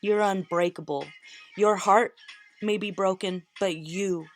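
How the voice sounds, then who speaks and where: A woman's voice: mid-range voice, fairly even intonation, a little slow, faint music behind. Tearful woman giving a tarot reading. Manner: earnest, emotional, repeats phrases for emphasis. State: near tears. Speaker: tarot reader.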